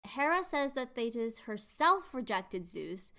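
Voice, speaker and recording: A woman's voice: a little high, sing-song, a little slow, pushed and bright. A woman hosting a podcast, chatting animatedly as she retells myths with quiz-like asides. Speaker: podcast host. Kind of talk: casual chat retelling myths.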